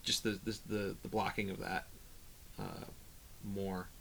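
Low-voiced man chatting about films. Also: gravelly, a little hiss or hum. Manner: halting, many restarts, animated when mimicking. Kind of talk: casual film discussion.

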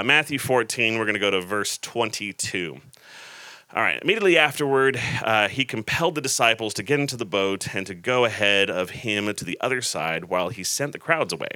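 A man preaching a casual, joking sermon to a laughing audience, reading scripture aloud with animated storytelling. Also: lowish voice, no room sound.

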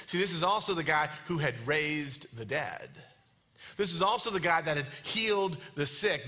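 Lively high-voiced preacher. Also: male voice. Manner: animated, playful storytelling with voiced asides. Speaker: pastor. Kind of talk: sermon.

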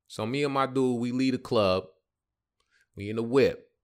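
A man hosting a podcast and telling a comedic story in an animated, slangy way, often breaking into silly sound effects. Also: mid-range voice, moderate pace. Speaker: podcast host.

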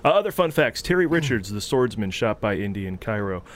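A man's voice: lowish voice, very animated, a little fast. A man co-hosting a casual podcast, reading out film trivia with playful asides.

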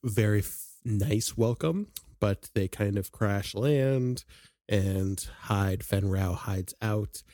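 A man with a somewhat low voice co-hosts a casual chat. He shares little fun facts and laughs often between lines. The sound is dry and close. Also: slow pace, warm tone, no echo. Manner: chatty, shares trivia with frequent laughs. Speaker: podcast co-host.

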